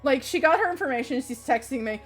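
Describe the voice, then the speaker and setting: Young woman streamer, high voice, animated storyteller, swears a lot, faint music underneath. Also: fast talker. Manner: animated, swears freely, laughs mid-sentence. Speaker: livestreamer. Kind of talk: casual storytelling.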